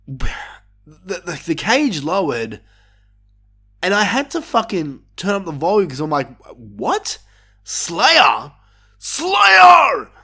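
A man with a fairly high voice hosts a wrestling podcast, delivering a casual, opinionated review monologue full of swearing and sudden bursts of excitement.

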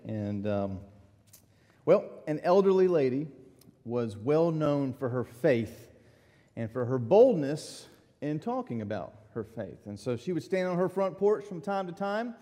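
A male pastor delivers a sermon in a church sanctuary, telling stories and talking back and forth with his congregation. His voice is mellow and set somewhat high. A long hall reverb trails his words. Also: sing-song, a little slow. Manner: storytelling, conversational with the congregation.

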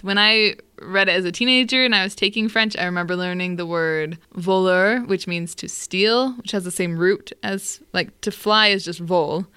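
A young woman co-hosts a casual podcast chat, her voice bright and crisp as she lays out word origins slowly and carefully. The sound is dry and close, with a slightly low pitch. She talks in an easy, conversational way. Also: no echo. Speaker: podcast co-host.

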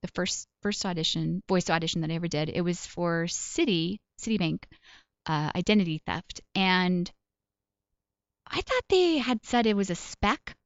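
Woman comedian chatting in an interview, laughs at herself, smooth voice, dull muffled sound. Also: on the low side, lively intonation, normal speed, no echo. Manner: chatty, laughing, self-deprecating storyteller. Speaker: guest comedian and voice actor. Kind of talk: casual interview chat.

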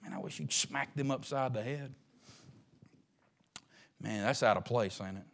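A man preaching a sermon with passion, rising to loud peaks and dropping to hushed murmurs. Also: medium pitch, measured pace, gravelly. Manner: impassioned, swinging from loud rises to hushed murmurs.

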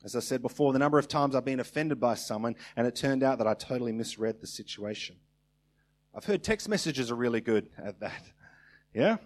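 A man's voice: medium pitch, expressive, brisk. A man preaching a sermon in a conversational way, now and then acting out little everyday exchanges.

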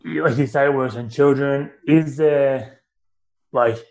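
A man's voice: medium pitch, steady tone, unhurried, vocal fry, a little mellow. A man hosting a podcast, asking his guest questions in a thoughtful, casual way. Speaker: podcast host. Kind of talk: casual interview talk.

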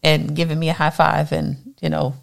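Low gravelly woman teaching the Bible. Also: moderate pace. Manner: animated, acts out voices in quotes.

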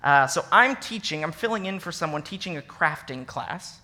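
Brief: young male minister, bright forward voice, chatty animated sermon delivery with sarcastic asides. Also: on the high side, normal speed. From American Midwest. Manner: animated and conversational, acts out scripture with sarcastic emphasis. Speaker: associate minister.

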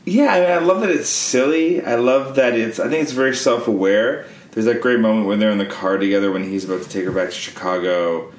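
Low-voiced guy hosting a movie podcast, quick and jokey, echoey room. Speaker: podcast host. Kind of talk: casual chat about a film.

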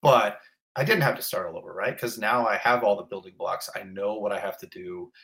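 A man telling a personal story in an interview, animated and emotional, gasping and exclaiming as he relives it, rambling with many restarts. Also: on the low side, fairly quick, gravelly. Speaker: interview guest.

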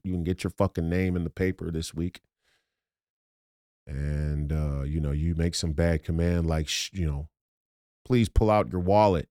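Podcast host, male, low voice, confrontational and profane, repeats lines for emphasis, dry sound. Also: dark tone, no room sound. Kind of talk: profane monologue.

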